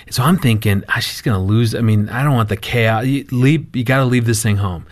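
A man appearing as a guest on a talk show about marriage and telling a family anecdote in an animated way, laughing often and acting out what he said. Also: mid-range voice, brisk, no echo, studio quality. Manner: animated storyteller, laughs often, quotes himself.

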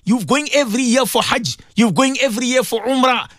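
A man's voice: extremely high pitch, a little fast, a bit bright, no room sound, studio quality. A South African man presenting a religious radio show, preaching fervently to his listeners and repeating his points. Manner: fervent, repetitive, exhorting. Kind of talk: impassioned radio sermon.

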